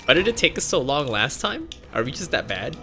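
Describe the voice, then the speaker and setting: Over music, a young man streams a co-op game, his voice a little high and a little fast. His commentary is casual and excitable, full of laughter and swearing, and he yelps each time his character takes a hit.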